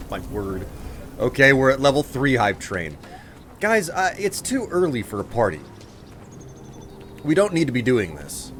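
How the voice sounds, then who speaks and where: A man's voice: mid-range voice, sing-song, unhurried, pauses often, fairly bright tone, a little hiss or hum. A man streaming a game live, chatting casually with viewers, thanking them for gifts and sounding exasperated at their requests.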